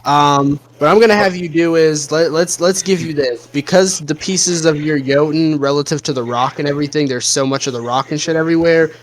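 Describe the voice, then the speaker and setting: A man serving as game master, calmly narrating the action and explaining the rules in a measured way. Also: on the high side, low-quality recording.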